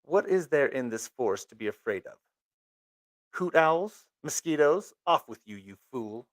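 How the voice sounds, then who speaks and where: A man's voice: a little high, expressive, measured pace, no room sound. Domineering, scornful rich mother in a storybook reading, read by a man, dry close sound.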